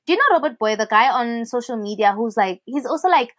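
A South African woman co-hosting a podcast, telling stories in a chatty, animated way with lots of fillers. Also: a little high, fast talker, no room sound. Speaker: podcast co-host. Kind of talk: casual chat.

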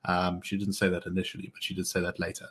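A man's voice: low voice, completely flat delivery, fast, husky. A man co-hosting a casual chat, telling a story and filling his sentences with "kinda" and "like". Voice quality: filler-heavy, "kinda" and "like". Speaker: podcast co-host.

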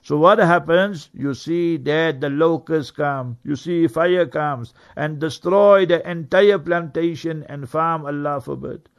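A man with a somewhat raised pitch teaches like a preacher on the radio. He talks earnestly and leans on key words for emphasis. Now and then he breaks into quick Arabic recitation. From South Africa. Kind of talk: religious talk on Quran verses. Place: radio studio.

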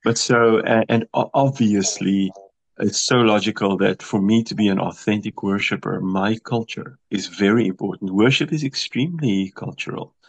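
A man's voice: on the low side, moderate pace, vocal fry, slightly rough. A middle-aged South African man with a slightly American-tinged accent, a worship producer talking animatedly in an interview and restarting his phrases often. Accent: South African with some American. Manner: animated, emphatic, thinks aloud with restarts. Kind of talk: radio interview.

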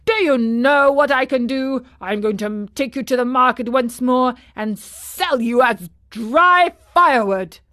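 A gruff, indignant grown man from a storybook, quick to anger, read by a woman. He speaks slowly. The recording is dry and close. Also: sits high, big pitch swings, a bit bright, no room sound, voice pushed up, full character voice. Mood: angry. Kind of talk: audiobook character reading.

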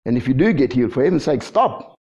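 A man preaching a lively sermon as pastor, often checking in with the congregation. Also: medium pitch, fast. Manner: lively preaching with frequent call-and-response asides. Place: church. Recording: dull lo-fi church recording.

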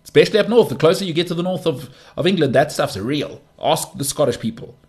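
A man's voice: fairly high pitch, expressive, fairly quick, a little mellow. A man hosting a sports talk show, ranting emphatically and with exasperation, repeating words for stress. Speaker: podcast host. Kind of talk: solo sports talk rant.

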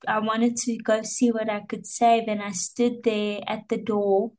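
A woman's voice: fairly high pitch, level tone, a little slow, a little mellow, poor audio. A young woman, a guest, telling a personal story in a candid, emotional way. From South Africa. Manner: emotional, candid, repeats words and fillers.

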